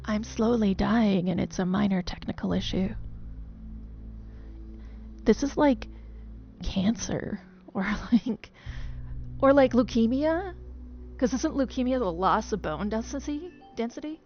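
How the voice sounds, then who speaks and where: A woman's voice: a little high, expressive, a little slow, vocal fry, pauses often, faint music behind. A young woman giving casual, giggly game commentary, rambling and correcting herself as she goes. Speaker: let's play streamer. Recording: dull lo-fi sound.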